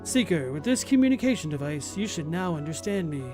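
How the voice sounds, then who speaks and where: A streamer voicing the solemn leader of a herd of talking goats in a game, speaking slowly and formally. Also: medium pitch, very animated, over music, natural voice. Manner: measured, grave and formal. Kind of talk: reading game dialogue aloud in character.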